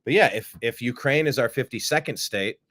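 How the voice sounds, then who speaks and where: A man's voice: medium pitch, fairly quick, a bit bright. A man hosting a political commentary show, talking in a sarcastic, mocking way. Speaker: host.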